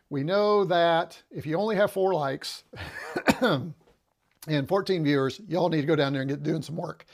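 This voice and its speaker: A man talks to his livestream viewers in an easygoing, meandering way, frequently filling gaps with "uh" and restarting his thoughts. He sounds a bit out of breath, with a gravelly, slightly high voice, miked closely on a small lapel mic.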